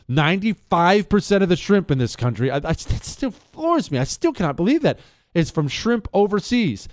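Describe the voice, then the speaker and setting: A male radio host with a sarcastic, mocking edge. His voice runs a little high and swings widely in pitch. The studio sound is dry and close. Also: dry recording. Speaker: radio talk show host. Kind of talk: opinionated talk radio monologue and ad read.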